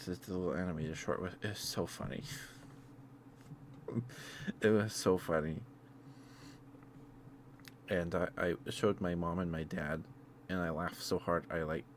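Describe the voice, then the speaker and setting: Young guy doing a chatty asmr stream, deep slow voice, keeps laughing n restarting, faint hiss behind. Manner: rambling, laughs often, many restarts. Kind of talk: soft-spoken ASMR live stream chat.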